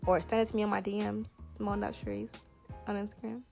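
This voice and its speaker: A woman's voice: medium pitch, little pitch movement, fast, vocal fry, loud music behind the voice. A woman in her twenties with a Southern US country accent, chatting through a hair tutorial in a playful, emphatic way with lots of fillers. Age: 20s. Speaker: beauty vlogger. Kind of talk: hair tutorial, casual chat to camera.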